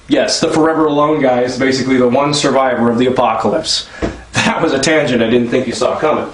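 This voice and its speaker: A man's voice: mid-range voice, quick pace. A man telling a crude, exasperated comedy rant about strangers, acting out their voices as he goes. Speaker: stand-up comic. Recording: echoey room, mic at a distance, faint background noise.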